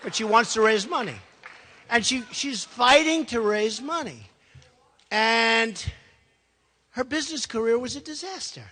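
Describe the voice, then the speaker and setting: Male political candidate, campaign speech, emphatic and repetitive, bright voice, reverberant large hall. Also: extremely high pitch, lively intonation, measured pace, pauses often. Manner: emphatic and rambling, repeats himself. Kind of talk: campaign speech to a live audience.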